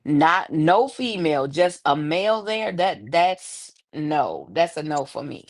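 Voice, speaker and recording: A woman's voice: low-pitched, lively intonation, slow pace. A woman who is a parent, chatting casually on a live stream and telling a story about her son. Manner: conversational storytelling, agreeing often.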